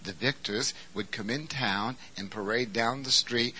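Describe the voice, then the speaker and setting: A man preaching a sermon, swinging from quiet explanation to shouted emphasis. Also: medium pitch, moderate pace, breathy edge, rough recording.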